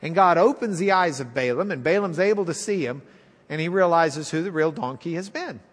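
A man's voice: fairly high pitch, lively intonation, a little fast, big-room sound. A male preacher retelling a story in a folksy, wry, conversational sermon.

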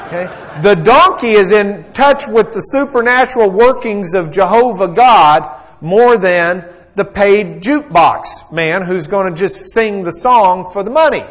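A man teaches a Bible lesson, retelling the story in a folksy, joking way. His voice sits a bit high, and he often pauses on fillers as he goes.

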